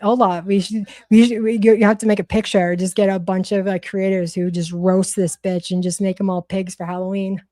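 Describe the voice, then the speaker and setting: A woman's voice: medium pitch, level tone, fairly quick, few pauses, dark tone, no echo. A woman from Massachusetts with a Boston accent, chatting bluntly and profanely on a livestream, rambling with lots of restarts. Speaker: livestream host. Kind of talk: casual livestream chat.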